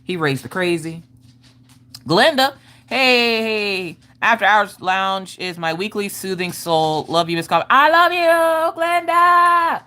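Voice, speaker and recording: A woman hosting a casual craft livestream, upbeat, calling out viewers by name and swinging her pitch up and down as she chats. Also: unhurried, fairly bright tone. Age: adult, her father watches. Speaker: livestream host greeting chat. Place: home craft room.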